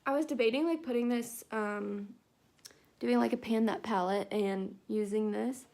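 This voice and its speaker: A woman's voice: on the high side, moderate pace, creaky, a little mellow. A young woman vlogging at home, chatting casually as she does her makeup and tells stories packed with "like" fillers. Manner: chatty storytelling full of "like" fillers. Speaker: beauty vlogger. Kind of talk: casual chat while doing makeup. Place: at home, not in her bathroom.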